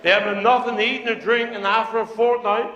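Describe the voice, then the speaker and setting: A man's voice: sits high, level tone, brisk, sharp tone, lo-fi sound. A Cornish man doing stand-up, telling a crude pub yarn in a broad, earthy way and chuckling along at his own jokes. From Cornwall, England. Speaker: stand-up comedian. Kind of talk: stand-up storytelling on stage. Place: live comedy venue. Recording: echoey hall, 1990s live video.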